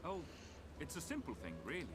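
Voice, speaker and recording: A man voicing a polite male gleaner with an Eastern European accent, speaking in a measured, courteous way. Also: fairly high pitch, wildly swooping pitch. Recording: game audio with music.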